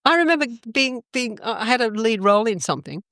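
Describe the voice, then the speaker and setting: An older Australian woman telling stories in a casual interview, animated and expressive, her pitch jumping up suddenly. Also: fast, no room sound, clean studio sound. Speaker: guest.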